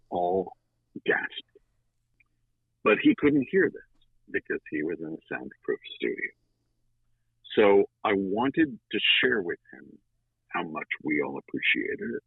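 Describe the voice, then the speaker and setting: A man guesting on an interview show, telling a story in a lively conversational way with dramatic pauses. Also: low-pitched, husky, dry recording. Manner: animated, with dramatic pauses and fillers. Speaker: guest, audiobook narrator. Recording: tinny phone-like line.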